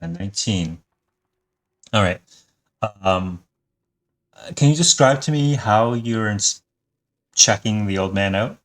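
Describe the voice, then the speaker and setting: Low-voiced male game master, easygoing narration. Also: slow, pauses often. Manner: easygoing, plain narration with fillers.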